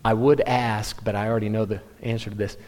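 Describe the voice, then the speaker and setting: A man preaching a sermon, telling stories animatedly with quick restarts. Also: fairly low pitch. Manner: animated storytelling, self-interrupting restarts. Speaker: pastor. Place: church sanctuary. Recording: long hall reverb.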